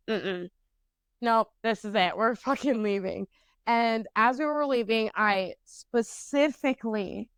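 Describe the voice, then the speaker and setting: Young woman podcast co-host with a higher, clear, smooth voice. She's candid and profane, laughs at herself, and rambles through fillers and restarts. Dry, close sound. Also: no echo. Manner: profane, candid, self-mocking. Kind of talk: casual storytelling chat.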